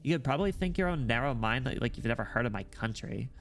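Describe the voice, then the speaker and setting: A man's voice: medium pitch, lively intonation, fast, fairly bright tone. Brief: male streamer reading a young woman envoy in a valley-girl drawl, flippant, "like" in every breath, game story read aloud. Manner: sprinkles "like" everywhere, breezy.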